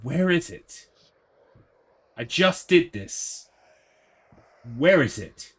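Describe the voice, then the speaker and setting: A man's voice: a little high, sing-song, extremely slow, a bit bright, slightly rough. A young man streaming a horror game, ranting sarcastically and swearing as he gets frustrated. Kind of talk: live gameplay commentary.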